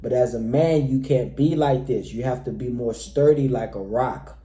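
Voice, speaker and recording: A dating coach speaks directly to camera, giving emphatic advice to men and repeatedly saying "all right, fellas." His mid-range voice is mellow at a moderate pace, with a roomy sound.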